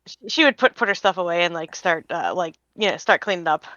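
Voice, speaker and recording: Woman tabletop player, bright, smooth, self-mocking. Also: on the low side, expressive, quick pace, no room sound, dull audio. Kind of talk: tabletop game chat.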